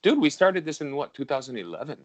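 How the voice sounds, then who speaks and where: A man hosting a casual chat, a musician, reminiscing in a relaxed, loose and profane way. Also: a little high, quick pace. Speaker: musician and host. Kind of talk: casual conversation.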